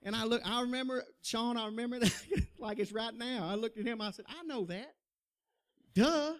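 A man's voice: very high voice, level tone, quick pace, fairly bright tone, clear, resonant tone. Folksy preacher man. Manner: folksy storytelling, laughs often, calls to the crowd. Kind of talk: personal testimony, sermon style.

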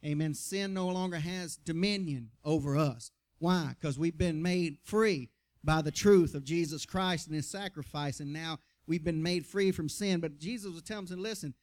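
A man's voice: a little high, a little mellow. A man preaching a sermon, reading scripture aloud and breaking in with folksy asides and frequent amens. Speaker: pastor.

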